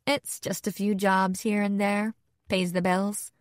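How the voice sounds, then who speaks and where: A woman's voice: mid-range voice, little pitch movement, unhurried, no echo, studio quality, natural voice. A woman voicing a bubbly young woman, a model and older sister, with a breezy, gushing manner.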